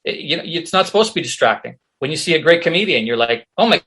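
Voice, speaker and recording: Speaking quickly in a husky, slightly high voice, this middle-aged Canadian guest, an actor and comedian, spins casual anecdotes. He animates his stories by performing the voices of whoever he's quoting.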